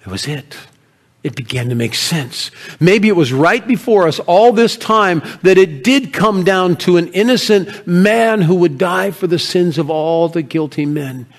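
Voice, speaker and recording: A man performing a dramatic first-person monologue as an earnest merchant, an emotional storyteller who swings from loud to hushed. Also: high voice, a little slow. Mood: storytelling. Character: earnest male merchant telling his story.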